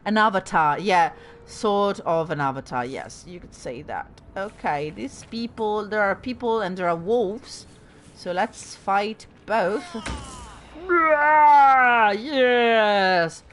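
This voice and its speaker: Her voice is medium in pitch and a little slow, with some faint hiss or hum. In this casual let's play commentary, the woman narrates her gameplay with self-deprecating humor and addresses the game's characters directly.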